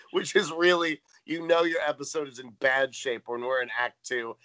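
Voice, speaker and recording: A man's voice: fairly high pitch, a little slow, sharp tone, no room sound, low-quality recording. A man co-hosting a podcast, chatting casually as he recaps an old sitcom episode, swearing freely and acting out characters' lines. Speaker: podcast co-host.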